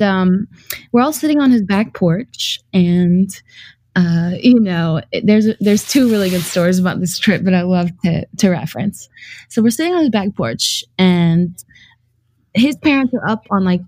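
A young woman spins her stories in a loose, animated way, breaking into giggles, filling every gap with "like" and dropping a curse here and there. Her voice sits at an ordinary middle pitch for a woman. It is recorded close and dry, with no room sound around it. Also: dry recording. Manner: animated and giggly, heavy use of "like", casual swearing. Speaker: guest storyteller. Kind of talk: casual storytelling chat.

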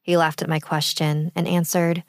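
A young woman from the East Bay in California, calmly and reflectively recounting a personal story in first-person narration. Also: low voice, normal speed, no room sound, clean studio sound. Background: background music.

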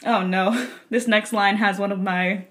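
A woman's voice: medium pitch, measured pace. A woman hosting a podcast, reading fan fiction aloud and chatting casually, giggling often. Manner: giggly, laughs often, animated. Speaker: podcast host.

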